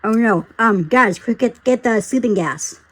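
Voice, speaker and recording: A man putting on a hyper, squeaky cartoon troublemaker. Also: lively intonation, unhurried, full character voice. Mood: panicked. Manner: hyper, shouty, high-pitched. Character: excitable cartoon party host, male, mischievous. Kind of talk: fan-made cartoon voice acting.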